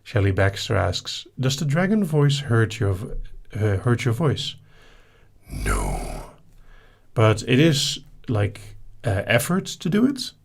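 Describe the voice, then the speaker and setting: A man hosting a live session, reading listener questions aloud and answering them in a relaxed, casual way. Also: medium pitch, a little slow. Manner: relaxed, reads out questions then answers briefly.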